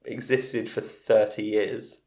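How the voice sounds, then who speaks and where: A man's voice: on the low side, flat delivery, slow, gravelly, darkish tone. Rambling man telling stories. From England. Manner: rambling storyteller with frequent restarts. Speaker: comedian guest. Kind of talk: casual anecdotal chat. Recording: roomy echo.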